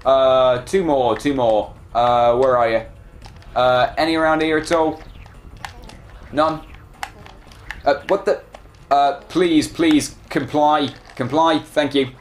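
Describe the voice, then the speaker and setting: A man giving casual, excitable commentary while playing a video game and talking back to it. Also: mid-range voice, slow pace, pauses often, a little hiss or hum. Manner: chatty, excitable, self-deprecating, talks to the game. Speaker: let's play gamer.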